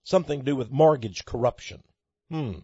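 A man giving emphatic, preaching-style commentary on the news, asking rhetorical questions and swinging between loud and soft. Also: mid-range voice, brisk, husky, no echo. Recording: dull lo-fi dry recording.

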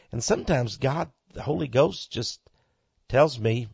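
On his own radio ministry program, a man with a husky, mid-range, somewhat dark voice reads listener letters and replies in an earnest, homespun way, his lively delivery unhurried until it climbs into fervent, rising exclamations. The recording is dry and close, with no room sound and a dull, lo-fi broadcast texture.

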